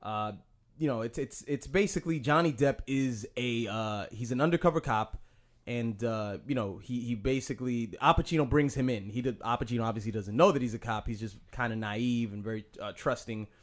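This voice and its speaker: A man's voice: medium pitch, fairly quick. A man co-hosting a podcast, chatting casually in a rambling, profane way full of fillers and restarts. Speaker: podcast co-host.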